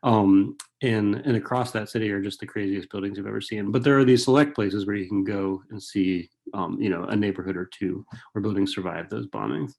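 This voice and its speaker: Fast-talking man with a gravelly low voice. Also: a little mellow. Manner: fast, digressive, many restarts and fillers. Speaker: author and writing professor. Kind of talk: library author talk.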